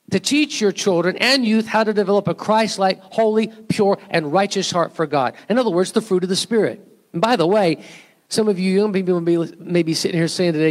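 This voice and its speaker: Preaching man with a fairly high voice. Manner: conversational preaching with rhetorical questions and asides. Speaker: pastor. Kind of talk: sermon.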